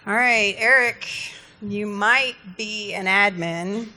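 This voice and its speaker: A woman co-presenting a comedic conference session, quick to agree and chip in with asides. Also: mid-range voice, bright, forceful tone, big-room sound.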